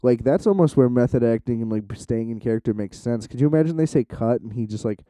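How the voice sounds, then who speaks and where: A man's voice: medium pitch, quick pace, dark tone, no room sound, studio quality. A young man rambling casually to the camera in a loose, profane way, with lots of "like" and restarts. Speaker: vlogger.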